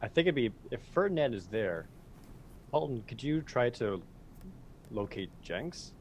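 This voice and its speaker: A man's voice: mid-range voice, sing-song, unhurried, darkish tone, a little hiss or hum. A man playing a tabletop game, talking things through thoughtfully. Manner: thoughtful, questioning. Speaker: player. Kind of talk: casual tabletop game chat.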